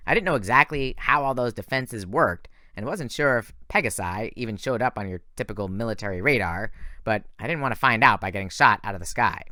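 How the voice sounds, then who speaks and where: A man reading a fan audiobook in a lively, casual first-person narration. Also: lowish voice, brisk, dry recording, studio quality. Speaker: audiobook reader.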